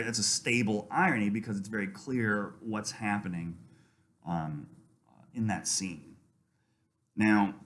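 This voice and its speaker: A man gives a casual literature lecture, reading passages aloud and then explaining them in an easygoing way. His voice sits in a middle register, and he fills pauses with frequent ums and uhs. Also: mid-range voice, a bit bright. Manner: conversational, many ums, reads passages aloud.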